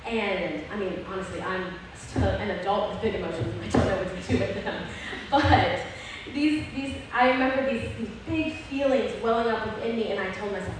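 A woman speaking to an audience on a handheld mic, telling a personal story in an earnest, animated way. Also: medium pitch, moderate pace. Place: room with an audience. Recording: echoey room, faint background noise.

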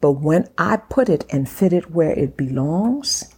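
Slow, husky Liberian woman preaching. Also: low voice, expressive. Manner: slow, deliberate, with soft whispered asides. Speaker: faith vlogger. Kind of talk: devotional talk.

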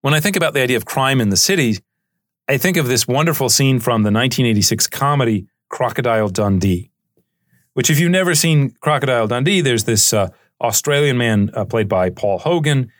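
A man hosting a history podcast, lecturing in a loose, conversational way and often pausing with "uh" and "right?". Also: medium pitch, animated, no room sound, clean studio sound. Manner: chatty and digressive, with frequent "uh" and "right?".

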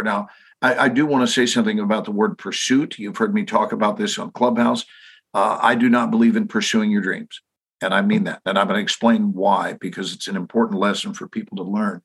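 A Texan man in his sixties, his voice fairly low with a breathy edge, joins a podcast conversation as a guest. He tells stories emphatically and poses rhetorical questions to the listeners.

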